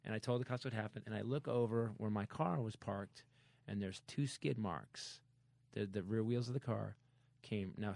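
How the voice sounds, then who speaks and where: Animated male podcast host, dry sound. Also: on the low side, creaky, no room sound. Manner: animated, acts out sound effects and quotes. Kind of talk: casual comedic storytelling.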